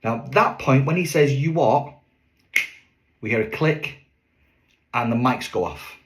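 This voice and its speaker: A man's voice: medium pitch, normal speed, a little hiss or hum. A man, a singing waiter, chatting to camera as he tells a story from a show. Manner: chatty, lively, with fillers and asides.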